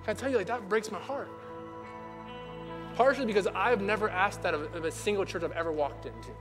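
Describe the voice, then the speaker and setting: High-voiced young man preaching casually. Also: fairly quick. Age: young adult. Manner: casual, conversational, acts out quoted people. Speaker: pastor. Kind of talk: sermon. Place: church hall. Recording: hall reverb with faint music.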